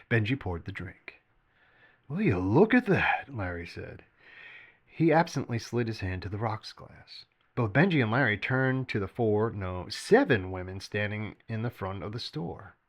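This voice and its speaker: Lively male story reader. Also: fairly low pitch, a little slow. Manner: lively, expressive reading with occasional slips and restarts. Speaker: storyteller reading his own fiction. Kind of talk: story narration read aloud.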